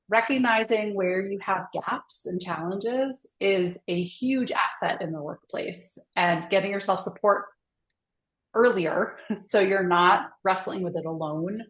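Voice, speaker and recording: Thoughtful woman coach in an echoey room. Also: medium pitch. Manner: earnest, thoughtful, often says "like". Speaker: guest, executive coach and author. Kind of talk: reflective podcast interview talk.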